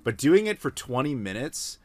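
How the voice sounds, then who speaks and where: A man co-hosting a podcast, talking in a blunt, critical, animated way in casual discussion. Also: medium pitch, normal speed, dry recording. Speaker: podcast co-host.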